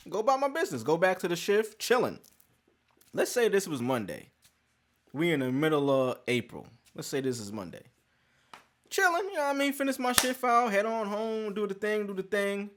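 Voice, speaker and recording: A man casually telling a personal story, animated and profane, acting out conversations. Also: high voice, a little hiss or hum. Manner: animated, profane, acts out dialogue.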